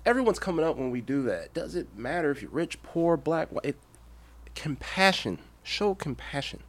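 Man in his 30s, podcast guest, blunt, profane, emphatic, lively swinging pitch, fairly high. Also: normal speed. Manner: blunt, heavily profane, emphatic, repeats himself. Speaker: podcast guest, Marine veteran. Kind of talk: casual interview talk.

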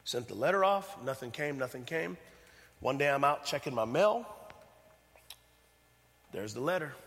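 A male pastor preaching a sermon, talking straight to the congregation and swinging between loud emphatic passages and hushed, tender ones. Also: mid-range voice, animated, normal speed, pauses often, long reverb tail. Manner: addresses the congregation directly.

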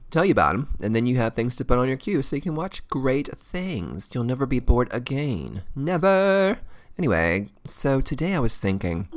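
Middle-aged guy hosting a jokey podcast, bouncy voice, music playing under him. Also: on the low side. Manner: playful, jokey, animated. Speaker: podcast host. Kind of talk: comedic podcast monologue.

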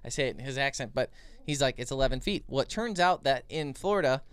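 Smooth-voiced man telling a rambling story. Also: mid-range voice, a little fast, no echo. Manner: rambling, animated storyteller with many restarts. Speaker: podcast co-host. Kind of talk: casual storytelling chat.

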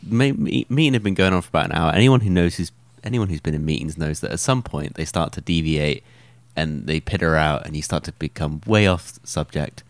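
A man's voice: rumbling low, a little fast, hardly any pauses, no echo. A young man co-hosting a podcast in casual chat, rambling and hesitant with lots of fillers. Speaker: podcast co-host.

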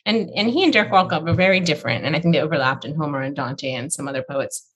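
A woman's voice: low-pitched, fast, fairly bright tone, breathy edge. A woman poet in conversation, telling reflective, digressive stories about learning her craft and often restarting her phrases. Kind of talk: conversational storytelling.

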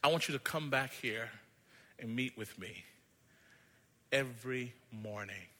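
A man voicing a kind, fatherly old carpenter who speaks softly and slowly in a low voice, in a story told in a sermon. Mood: tender. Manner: soft, slow and low.

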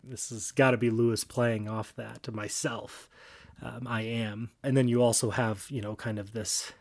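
A man's voice: medium pitch, steady tone, normal speed, creaky. A man giving casual, reflective commentary on a book he reads aloud, talking eagerly and restarting his phrases. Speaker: book discussion host.

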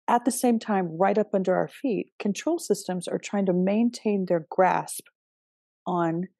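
A woman hosting a podcast, talking in a relaxed, conversational way with casual fillers and the odd swear word. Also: medium pitch, vocal fry, slightly rough, no room sound. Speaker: podcast host. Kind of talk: casual spoken monologue.

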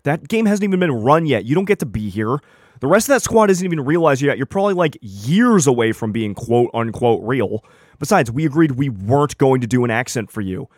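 A man's voice: mid-range voice, big pitch swings, fairly quick, dry recording, studio quality. A man, the creator and game master of the show, bantering casually and exasperatedly, swearing freely.

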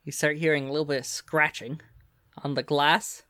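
A man narrating a tabletop role-playing game as game master, in a casual, relaxed way with fillers. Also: fairly high pitch, normal speed, heavy background noise.

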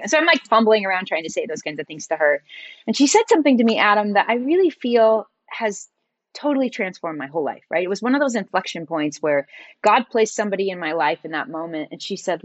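A woman guest on a podcast, telling a personal story in an animated, conversational way. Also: mid-range voice, fast talker, no echo, lo-fi sound.

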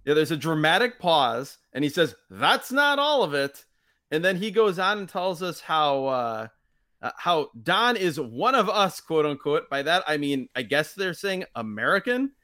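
A man's voice: on the high side, expressive, moderate pace, sharp tone. Wry man hosting a chat podcast. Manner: wry, quotes lines in mock voices, dry asides. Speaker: podcast host. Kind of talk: casual chat reviewing old wrestling.

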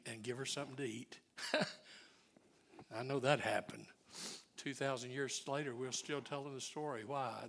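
Bright-voiced preacher man. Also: medium pitch. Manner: animated storyteller who drops to near-whispers. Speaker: pastor. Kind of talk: sermon.

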